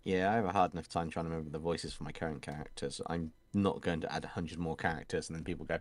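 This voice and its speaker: A man hosting an art stream, chatting casually in a relaxed, self-deprecating, rambling way while he draws. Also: rumbling low, fast talker, hardly any pauses, no echo. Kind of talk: casual chat while drawing.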